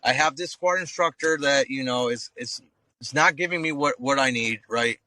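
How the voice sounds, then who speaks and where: A man in his thirties with a bright, forceful voice, swapping stories on a podcast. He talks in a slangy, profane, animated way and throws in "bro" constantly. The sound is close and dry. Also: mid-range voice, moderate pace, no room sound, rough recording. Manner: animated storyteller acting out voices. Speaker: guest, active-duty Marine staff sergeant. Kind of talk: casual podcast storytelling.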